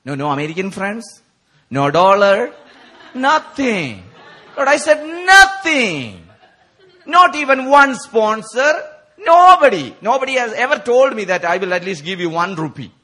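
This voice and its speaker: Male preacher, high voice, sharp and bright, emotional, laughing, bursts of shouting. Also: normal speed. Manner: emotional, animated storytelling with laughs and outbursts. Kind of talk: sermon at a prayer meeting. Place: church.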